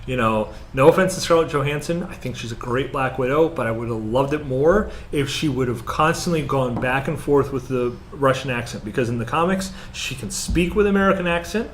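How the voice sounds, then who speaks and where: A man co-hosting a casual movie review chat, rambling and hesitant with lots of fillers, then growing animated. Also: mid-range voice, a little fast, hardly any pauses, a little hiss or hum. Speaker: podcast co-host.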